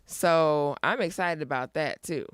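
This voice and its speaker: A woman's voice: sits low, a little slow, clean tone, no room sound, studio quality. A middle-aged woman talking as a guest in a casual interview, upbeat and emphatic as she talks. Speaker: guest, nonprofit founder.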